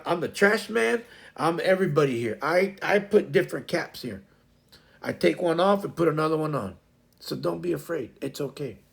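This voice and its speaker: A man's voice: a little high, creaky. A man hosting a casual livestream, rambling through a work story and acting out both sides of the conversation. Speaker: livestream host.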